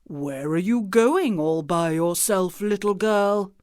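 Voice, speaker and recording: A woman voicing a sneaky male wolf who puts on a falsely sweet, croaking voice to pass as a grandma in a storybook reading. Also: medium pitch, slow pace, darkish tone, no echo, studio quality, lightly acted.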